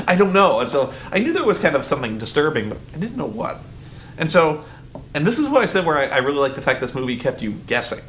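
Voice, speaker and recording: A man's voice: fairly high pitch, big pitch swings, brisk, fairly bright tone, a little hiss or hum. A man giving a casual spoken movie review, rambling loosely with lots of "like" and swearing. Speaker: film reviewer.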